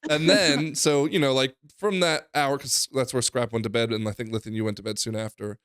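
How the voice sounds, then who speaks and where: A hoarse man hosting a casual gaming podcast, rambling through stories and laughing often. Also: mid-range voice, fairly even intonation, a little fast, fairly bright tone, dry recording, studio quality. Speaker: podcast host.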